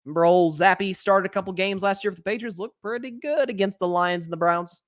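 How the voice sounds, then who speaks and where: A man hosting a sports talk show, giving opinionated solo commentary in an animated way, with frequent restarts. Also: high voice, fast.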